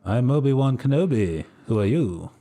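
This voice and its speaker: A man playing a calm, wise older space knight from a film, speaking in a measured, formal way. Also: mid-range voice, pitched above the performer's own voice.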